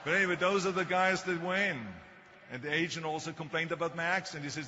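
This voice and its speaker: A man's voice: on the high side, fairly even intonation, quick pace, sharp tone, long reverb tail, dull audio, slight background noise. A man in his sixties with a German accent gives a motivational speech, telling anecdotes in an emphatic way with dry humor. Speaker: speaker.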